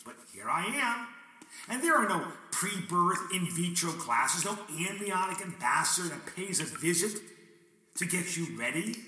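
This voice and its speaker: A man's voice: high voice, pushed and bright. A man delivering a dramatic spoken monologue addressed to God, theatrical and questioning, wry and prone to bursts of swearing. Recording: echoey room, mic at a distance, faint noise.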